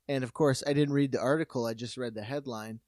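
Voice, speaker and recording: A man's voice: mid-range voice, steady tone, fast talker, darkish tone, no room sound, clean studio sound. A young man co-hosting a comedy podcast, making sardonic quips and laughing at his own jokes. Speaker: podcast co-host. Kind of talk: casual comedic banter.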